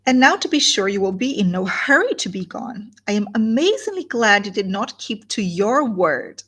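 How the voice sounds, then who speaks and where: A woman's voice: mid-range voice, big pitch swings, normal speed, a bit bright, slightly rough. A woman reading aloud as a falsely sweet, spiteful young woman, with gushing emphasis.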